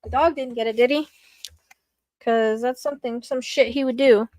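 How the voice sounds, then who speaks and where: Woman, young adult, live-stream host, rambling and filler-heavy, slightly high voice, dry close mic. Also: steady tone, normal speed, darkish tone, no room sound. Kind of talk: casual late-night live stream chat. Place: home at night.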